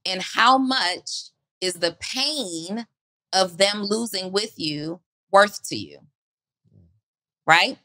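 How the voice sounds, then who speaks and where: Bright-voiced woman, earnest motivational talk. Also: mid-range voice, dry recording. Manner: earnest, repeats questions for emphasis. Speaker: podcast co-host.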